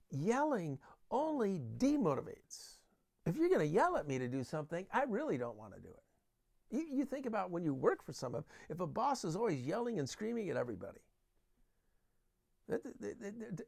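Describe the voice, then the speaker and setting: A man's voice: sits high, creaky, darkish tone. A man giving an earnest Christian parenting talk that uses Bible verses and everyday examples.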